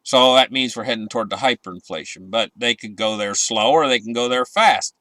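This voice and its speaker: Guy on his own channel going over market numbers, rambly and a bit sarcastic, bright voice, dry close sound. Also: mid-range voice, fairly quick, dry recording. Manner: rambling, sarcastic, many fillers and restarts. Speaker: market commentary host. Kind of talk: casual market commentary.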